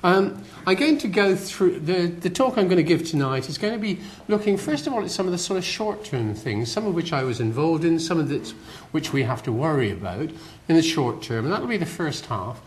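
An older man with a West Country accent giving a public lecture in a hall, chatty and self-deprecating, with fillers and restarts. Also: a little high. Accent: West Country English. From West Country of England. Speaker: guest lecturer.

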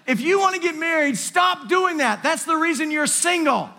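Lively, bright-voiced male preacher. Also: extremely high pitch, moderate pace. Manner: preaching with call-and-response asides, builds to shouting. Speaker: pastor. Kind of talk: sermon.

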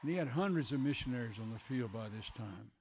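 A man in his eighties preaching a fervent revival sermon in a church, swinging from loud exhortation to soft personal words. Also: medium pitch, animated, quick pace, a little hiss or hum. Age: 80s.

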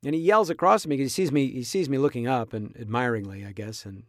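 A middle-aged podcast host from Southern California rambles through a story in a loose, chatty monologue. His voice sits in an ordinary middle pitch. It is recorded close and dry, with no room sound. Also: quick pace, no echo. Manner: rambling, with restarts and laughs.

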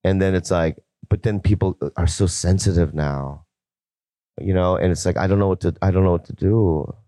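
Man, low voice, guest comedian, blunt and rambling, dry close sound. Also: moderate pace, dark tone, dry recording. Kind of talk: casual podcast banter.

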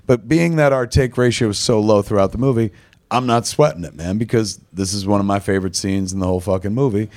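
Low-voiced man telling profane anecdotes. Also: fast talker, darkish tone. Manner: heavy swearing, rambling anecdotes. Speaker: filmmaker host. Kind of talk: casual storytelling chat.

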